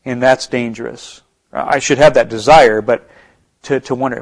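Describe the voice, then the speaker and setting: A man's voice: medium pitch, fairly even intonation, normal speed. A man with an American accent in ministry, giving an earnest, reflective Bible talk with frequent restarts and asides. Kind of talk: conversational Bible teaching.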